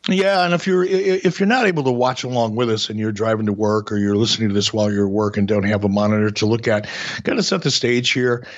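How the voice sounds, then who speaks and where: A man's voice: on the low side, fast talker. A middle-aged man co-hosting a podcast, rambling with wry, sarcastic humor and frequent stammered restarts. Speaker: podcast co-host. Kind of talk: casual podcast chat. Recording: slightly dull lo-fi sound.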